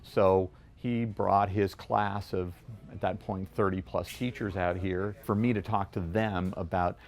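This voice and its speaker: A man's voice: low-pitched, fairly even intonation, measured pace, darkish tone. A middle-aged man who owns a comic shop, telling stories in a documentary interview. He speaks earnestly and often repeats words as he goes. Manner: earnest anecdotal storytelling with frequent word repeats.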